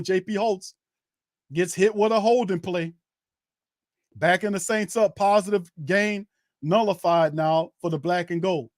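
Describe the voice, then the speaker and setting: A man's voice: high-pitched, fairly even intonation, unhurried, no room sound, clean studio sound. A man hosting a fan watch party, giving heated, indignant live play-by-play and ranting at the referees, often repeating himself.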